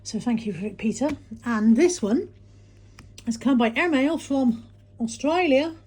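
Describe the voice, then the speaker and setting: A chatty, self-mocking woman from England talks casually to camera in a weekly vlog. Her voice sits fairly high and has a soft, husky edge. She rambles and mutters to herself as she goes. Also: lively intonation, unhurried. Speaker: vlogger.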